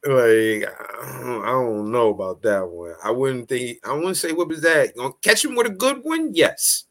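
A man chatting casually as a podcast host, animated and profane, laughing often and acting out quotes. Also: mid-range voice, normal speed. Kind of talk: casual recap chat.

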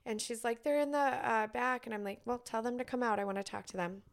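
A middle-aged woman co-hosting a podcast, telling a story in casual chat, lively and acting out the people she quotes. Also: fairly high pitch, quick pace, creaky. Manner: animated storyteller, acts out quotes, swears casually. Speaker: podcast co-host.

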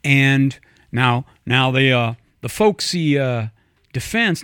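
A man co-hosting a casual political chat show, telling stories with animated asides and putting on voices when he quotes people. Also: medium pitch, normal speed, no echo, studio quality. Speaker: podcast co-host.

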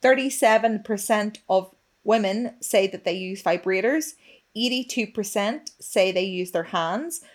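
A woman's voice: mid-range voice, measured pace. A woman co-hosting a podcast, candid and chatty, swearing freely. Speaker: podcast co-host. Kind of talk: frank casual podcast chat.

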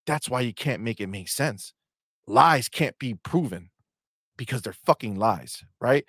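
A man's voice: mid-range voice, expressive, measured pace, fairly bright tone, no room sound, studio quality. A man co-hosting a livestream show, ranting heatedly and swearing a lot in casual chat. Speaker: co-host.

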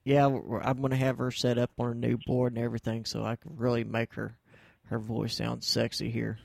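A man's voice: mid-range voice, monotone, brisk, creaky, dry recording, clean studio sound. A man hosting a casual internet radio show, laid-back and playing along with callers. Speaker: host.

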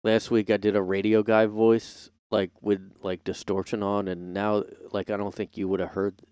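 A man's voice: on the low side, little pitch movement, moderate pace, a little mellow, smooth, no room sound, studio quality. A man hosting a solo podcast from his room, rambling and joking with lots of fillers and self-deprecating asides. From United States. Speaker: podcast host. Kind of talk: casual rambling solo chat. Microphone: streaming setup microphone.

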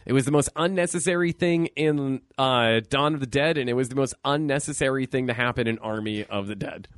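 A man in casual podcast chat recapping a movie, animated and profane, bursting into loud impressions. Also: mid-range voice, fairly quick, no room sound, studio quality. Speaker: podcast co-host.

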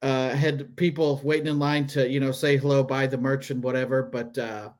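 A man's voice: medium pitch, little pitch movement, normal speed, darkish tone. A man, a comedian co-hosting a podcast, tells a rambling story in casual chat, often laughing and acting out the people he quotes.

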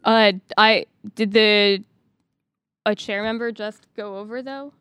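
A woman speaking as a player in a tabletop game, halting, with restarts. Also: mid-range voice, steady tone, a bit bright, clear, resonant tone, no room sound. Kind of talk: casual role-play.

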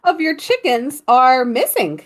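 A woman co-hosting a podcast, chatting casually and telling a story with animated, giggly energy. Her voice is fairly high and swoops all over as she talks. She directs her partner with playful bossiness. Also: a little slow. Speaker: podcast co-host. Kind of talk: casual chat.

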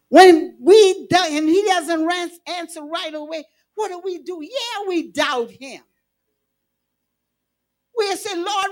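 Woman preaching, real high voice, takes her time, gets shouty. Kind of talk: sermon.

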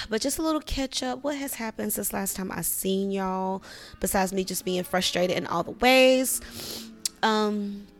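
A woman hosting her own podcast in a loose, casual chat, her voice gravelly with vocal fry. She talks straight to her listeners in slang, raw and frustrated, close to tears and sighing often. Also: mid-range voice. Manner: emotional, frustrated and near tears, sighing and cursing; slang-heavy, addresses listeners as "you guys" and "y'all". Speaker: podcast host.

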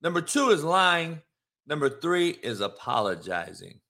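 A man hosting a live morning stream, ranting profanely and confrontationally, mocking and shouting at his chat. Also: fairly high pitch, sing-song, a little slow, vocal fry. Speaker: live show host. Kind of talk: brash live-stream rant.

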